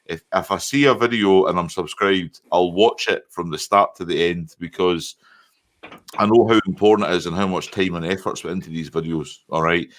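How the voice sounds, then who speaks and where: A Scottish man guesting on a live stream, chatting in an animated way and often checking in with his listeners. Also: low-pitched, moderate pace. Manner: chatty, animated, keeps saying "you know what I mean". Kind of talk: casual chat.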